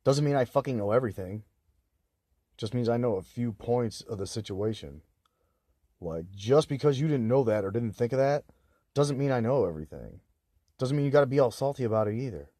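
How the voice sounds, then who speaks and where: A man's voice: mid-range voice, animated, brisk, mellow, no room sound, clean studio sound. A young man in a rambling, agitated, profane monologue to camera, swearing constantly. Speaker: vlogger.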